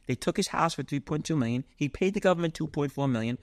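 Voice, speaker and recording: A middle-aged man with a New York accent, telling stories as an interview guest, animated and swearing often. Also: fairly high pitch, fast talker. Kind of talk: casual storytelling.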